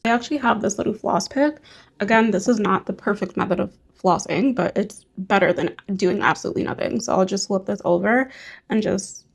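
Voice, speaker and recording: A young woman vlogging casually as she goes through her hygiene routine, talking in a gentle, reassuring, rambling way with many fillers. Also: medium pitch, brisk, creaky, slightly rough. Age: young adult. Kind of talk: casual talk to camera while doing hygiene.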